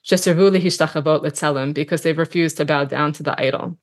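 Woman with a lowish voice reading out a text n translating it bit by bit, thinking out loud w lots of ums. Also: quick pace. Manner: reads aloud and translates line by line, musing with fillers. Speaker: teacher. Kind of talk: text study lesson.

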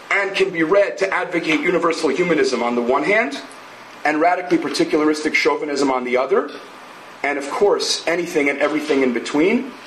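Measured male lecturer in an echoey room. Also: a little high, fairly bright tone, slight background noise. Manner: measured, explanatory, thinks aloud with asides and tag questions. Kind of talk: academic lecture.

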